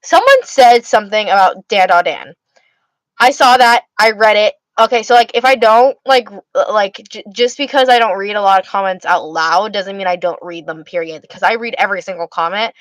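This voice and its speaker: Rambling and often starting over, a tired young woman responds to her livestream chat in a casual way. Her voice is mid-range and a bit bright, at a normal speed, in a rough recording with no room sound.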